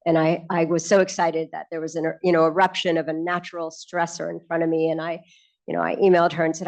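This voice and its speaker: A woman's voice: deep voice, gravelly. A middle-aged woman on a lecture panel, eagerly recalling her years with her mentor. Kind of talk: personal reminiscence.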